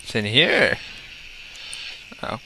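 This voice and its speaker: Amid heavy background noise, a young man comments on his game very slowly but with great animation in a mid-range voice. It's a casual let's-play: he's jumpy, talks to himself, swears, hums, and yelps when startled.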